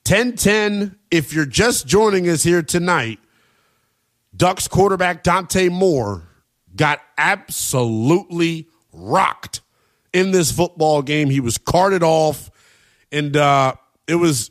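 A man hosting a late-night college football radio show, brash and joking as he runs through scores and takes. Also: on the high side. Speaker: radio sports host. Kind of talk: sports talk radio. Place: radio studio.

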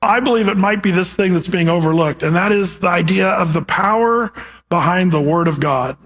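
A man's voice: high voice, moderate pace, fairly bright tone. A man preaching a sermon as a pastor, teaching in a conversational way with rhetorical questions.

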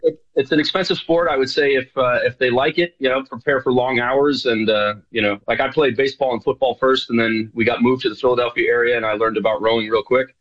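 A man's voice: mid-range voice, fairly even intonation, fast talker, hardly any pauses, fairly bright tone, no room sound. Rambling man on a dull line. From New York. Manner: earnest, rambling, many fillers. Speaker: guest. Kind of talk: casual radio interview.

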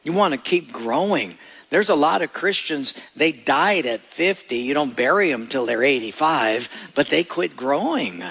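A man's voice: fairly high pitch, expressive, a little slow, fairly bright tone, slightly rough. A male pastor preaching a sermon in a folksy, joking storytelling manner. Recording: echoey church hall.

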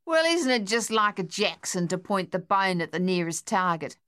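A woman voicing a sharp-tongued, spry old woman in an audiobook, with a dry, tart, unhurried manner. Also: mid-range voice, sing-song, clear, resonant tone. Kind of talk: audiobook character voice.

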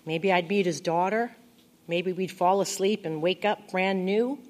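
A woman narrating a first-person audiobook in a quiet, intimate, reflective way. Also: lowish voice, a little slow.

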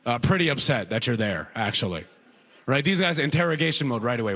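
Speaking fast with a sharp tone and big pitch swings around a medium register, a Canadian comedian performs at a club. He keeps it conversational and punchy with the crowd, laughing at his own jokes. The audio carries faint noise and long hall reverb.

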